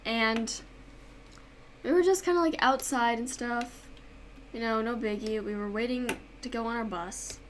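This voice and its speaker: A woman's voice: a little high, a little slow. A young woman chatting casually while she draws on a stream, reading chat aloud and telling stories with sudden dramatic outbursts. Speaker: art and gaming YouTuber. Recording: faint background noise.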